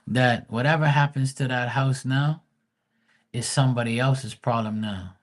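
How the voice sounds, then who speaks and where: A man's voice: medium pitch, unhurried. Blunt, profane man giving advice. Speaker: live tarot reader. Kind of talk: casual livestream advice.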